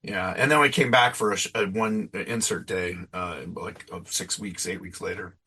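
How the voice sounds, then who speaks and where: A man's voice: deep voice, normal speed, pushed and bright, slightly rough. A man in his fifties, an interview guest, chatting casually with a rambling, self-deprecating manner and frequent laughs.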